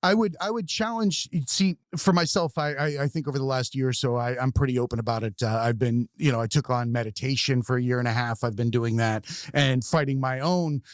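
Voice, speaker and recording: A man's voice: medium pitch, a little fast, few pauses, dry recording, studio quality. A man hosting a podcast, talking candidly and casually, swearing freely and repeating words as he thinks. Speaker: podcast host. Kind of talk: casual conversation.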